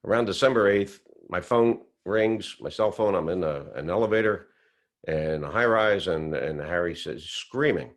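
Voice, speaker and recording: Man, very deep voice, animated storytelling, acts out quotes. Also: moderate pace. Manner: acts out quoted voices with big pitch swings. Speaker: speaker recounting whistleblowing story.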